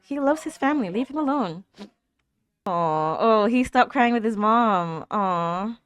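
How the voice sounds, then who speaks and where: A young woman casually commenting on a show as she watches, chatty and quick to exclaim and talk back at the screen. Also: a little high, animated. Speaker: anime reaction host.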